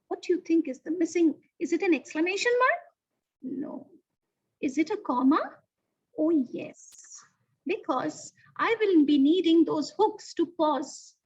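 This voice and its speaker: A woman with a high voice teaches young children, speaking slowly and with a lot of expression and asking the listeners questions. She sits well away from the mic, and the recording sounds a little dull. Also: lively intonation, distant mic. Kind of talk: children's lesson.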